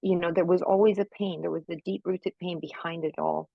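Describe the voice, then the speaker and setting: A woman's voice: on the low side, steady tone, brisk, gravelly, husky, no room sound, lo-fi sound. A woman from Malaysia, a guest actress, speaking emphatically and encouragingly in a remote interview. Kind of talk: casual interview talk. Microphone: remote recording.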